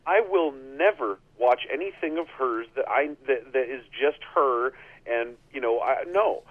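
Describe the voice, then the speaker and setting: A man co-hosting a podcast, chatting casually with blunt, opinionated remarks and halting restarts. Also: mid-range voice. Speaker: podcast co-host. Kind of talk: casual chat. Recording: tinny phone-line sound.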